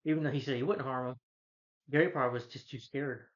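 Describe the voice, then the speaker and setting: A man's voice: medium pitch, steady tone, fast, muffled recording. A man casually recapping a film's plot in a rambling way, full of fillers and restarts. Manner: rambling, filler-heavy retelling with frequent restarts. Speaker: film reviewer. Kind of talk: casual spoken film recap.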